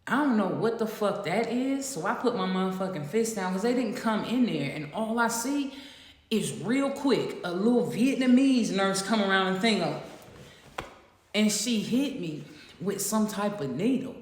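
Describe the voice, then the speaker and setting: A woman's voice: mid-range voice, lively intonation, moderate pace. A woman telling a profane jail story casually to her audience, laughing often. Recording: echoey roomy sound with long reverb.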